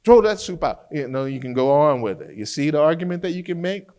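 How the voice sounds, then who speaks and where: A man teaching trial skills as a defense lawyer, an animated storyteller who often repeats words as he restarts a thought. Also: on the high side, a little fast. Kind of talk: lecture with courtroom storytelling.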